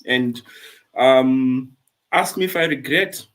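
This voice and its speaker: A man's voice: mid-range voice, slow, a bit bright. A man speaking frankly and earnestly as a guest on a discussion panel, giving advice. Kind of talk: candid personal panel talk.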